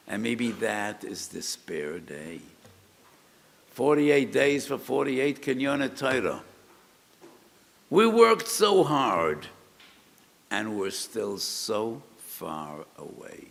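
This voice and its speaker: An older man delivers a sermon-style lecture in a slow, gravelly low voice. His carry a sound. The recording has a long reverb and a faint hiss behind it. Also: animated, fairly bright tone. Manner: slow, storytelling delivery that rises to cries in acted pleas. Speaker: rabbi giving a weekly lecture.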